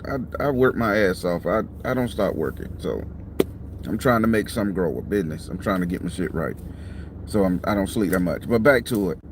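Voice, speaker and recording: A man's voice: low voice, animated, fairly quick, background noise. Tired, blunt middle-aged man in a car. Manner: blunt, profane, tired and yawning. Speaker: tarot reader and channel host. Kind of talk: casual talk to camera. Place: parked car. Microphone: clip-on mic.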